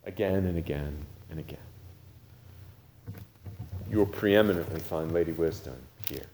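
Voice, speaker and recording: A man preaching a sermon with earnest urgency, rising loud and dropping to a hush. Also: deep voice, moderate pace, long reverb tail, slight background noise. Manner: earnest, swings from loud urgency to hushed intensity. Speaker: pastor.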